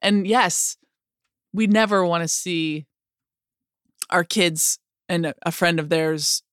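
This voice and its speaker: A woman with a fairly low voice speaks calmly and reassuringly as a co-host. Her delivery is measured, and the sound is close and dry. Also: clear, resonant tone, dry recording. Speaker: podcast co-host. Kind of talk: casual chat.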